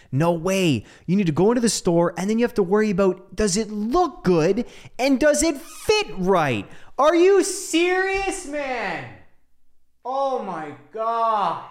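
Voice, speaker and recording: A young man from Canada hosting a casual monologue, joking and swearing, who jumps from hushed asides to high, incredulous outbursts. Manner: profane, joking.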